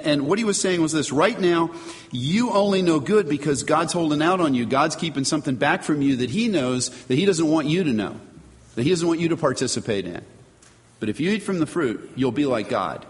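A man preaching a sermon, earnest and emphatic, reading scripture aloud and driving points home with measured pauses. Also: a little high, animated, in a large hall. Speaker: pastor.

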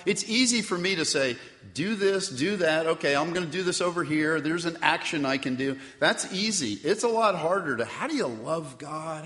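A pastor delivers a sermon in a slightly high, somewhat bright male voice, reading scripture and putting rhetorical questions to the congregation in a conversational manner. He is in a church sanctuary, and the recording carries a long hall reverb.

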